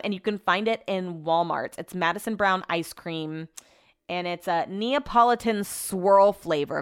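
A woman with a voice on the low side and a clean tone hosts a home-office podcast, talking casually about current events and what she's been up to. She sometimes swears and trips over her words, and the podcast-mic recording is studio quality with no room sound.

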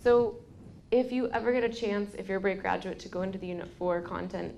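A woman's voice: fairly low pitch, vocal fry, slight background noise. Candid woman host telling a parenting story. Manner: candid storytelling, quotes people in a lively way. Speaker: podcast host. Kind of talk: casual advice talk.

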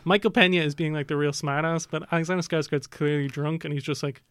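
A young man chatting casually about films on a podcast, animated and laughing often. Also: fairly high pitch, fast, clear, resonant tone, no echo. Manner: animated, laughs often, acts out movie lines. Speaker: podcast co-host. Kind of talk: casual film podcast chat.

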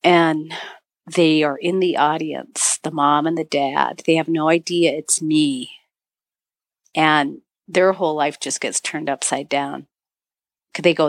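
Woman, middle-aged, low pitch, dry recording, podcast guest, animated storyteller, many fillers. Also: slow, no room sound. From northern Michigan. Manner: animated storyteller, acts out quoted dialogue, many "you know" fillers. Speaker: podcast guest, author and avalanche dog handler. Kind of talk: storytelling interview.

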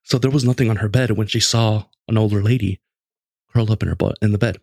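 A man in his late twenties casually telling a story in a lively, conversational way, with lots of restarts. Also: fairly low pitch, quick pace, creaky, dry recording, studio quality. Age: late 20s.

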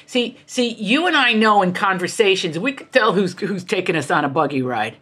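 A middle-aged woman author, a guest in an interview, telling her stories in an emphatic, animated way with quick asides. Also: mid-range voice, breathy edge. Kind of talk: candid conversational storytelling.

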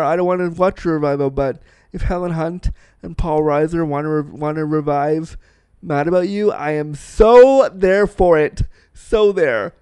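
This film reviewer, a man in his thirties, gives a candid, casual take on a movie, blunt, freely profane and self-deprecating as he tells it. His slightly high voice is smooth, resonant and a little mellow. The audio is close and dry, without any echo or room around it.

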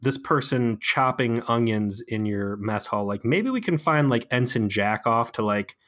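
A man co-hosting a casual comedic podcast, recapping a TV episode with sarcastic, animated storytelling and plenty of fillers. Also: mid-range voice, a little slow. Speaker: podcast co-host.

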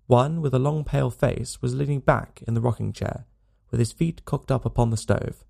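A man narrating a classic story in a measured, dramatic audiobook reading. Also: mid-range voice, creaky, mellow.

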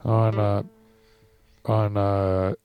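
A man's voice: lowish voice, little pitch movement, extremely slow, muffled recording, faint music behind. A middle-aged man hosting a casual podcast, rambling and swearing in mock rants. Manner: rambling, profane, mock-ranting. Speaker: podcast host.

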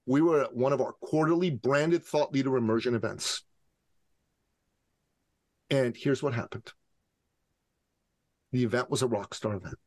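A man in his forties from the Middle East, a podcast guest and business coach telling an animated, dramatic story. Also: mid-range voice, moderate pace, long pauses, no echo. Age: 40s. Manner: dramatic, acts out scenes with voices.

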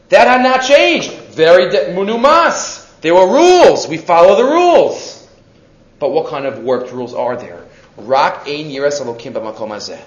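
High-voiced man teaching Torah in an echoey room. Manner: animated storyteller who acts out quoted voices. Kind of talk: weekly Torah lesson with storytelling. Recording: echoey room, dull lo-fi sound.

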